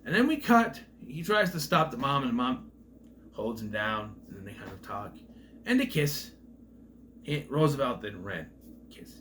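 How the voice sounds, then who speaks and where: A man's voice: mid-range voice, big pitch swings, normal speed, slight background noise. Rambling man recapping a movie. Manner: rambling, with restarts and asides; voices characters with loud exaggerated quotes. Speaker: film reviewer. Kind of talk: casual movie plot recap.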